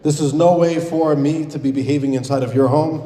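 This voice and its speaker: A man's voice: a little high, steady tone, fairly quick, dark tone, lightly acted. A man voicing a pet parrot that speaks in an overly formal, contrite way, in an echoey hall. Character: formerly foul-mouthed pet parrot, suddenly polite.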